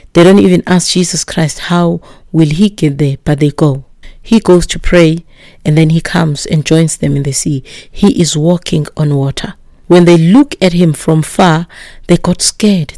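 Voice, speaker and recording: A woman preaching a sermon in an emphatic, repetitive way, dropping to breathy whispers for emphasis. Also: fairly low pitch, dark tone, no room sound, studio quality.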